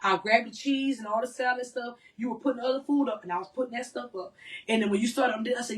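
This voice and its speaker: A woman's voice: fairly high pitch, quick pace, recorded from a distance, poor audio. Teasing woman co-host, a bit off-mic. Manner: playful, teasing, laughs often. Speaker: podcast co-host. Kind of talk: casual banter with spouse.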